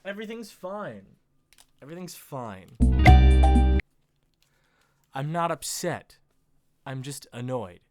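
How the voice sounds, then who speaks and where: A man's voice: fairly high pitch, big pitch swings, slow pace, pauses often, over music. A man reading a script aloud for comedy, breaking off into exasperated rants and jokes. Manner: exasperated and ranting. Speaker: reader riffing on a script.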